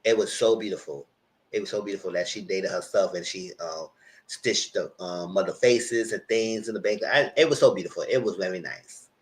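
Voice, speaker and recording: Low-voiced and brisk, this man comes through on poor audio. He hosts a live TV review, giving casual, rambling recaps of episodes and occasionally putting on character voices.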